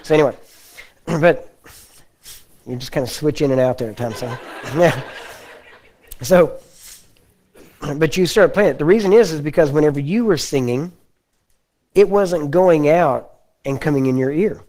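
A man with a Texan accent preaching a folksy, conversational sermon and often clearing his throat. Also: a little high, unhurried, pauses often, darkish tone. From Texas.

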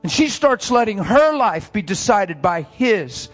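A man preaching a sermon, telling a story that swings from hushed, soft passages to loud, straining, emotional preaching. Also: high voice, big pitch swings, measured pace, faint music behind.

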